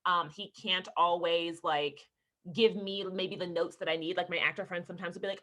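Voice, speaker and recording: A woman from Texas, an actress telling stories in a casual video-call interview, lively and laughing as she acts out the people she quotes. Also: fairly low pitch, normal speed. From Houston, Texas. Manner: animated storyteller, laughing, acting out quoted people.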